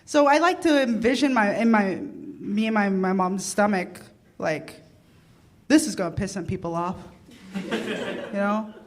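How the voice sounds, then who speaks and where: A woman's voice: mid-range voice, measured pace, pauses often. A woman from Canada performing a stand-up comedy set on stage, brash and punchy, laughing between jokes. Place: comedy stage before an audience. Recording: live comedy club recording with background noise.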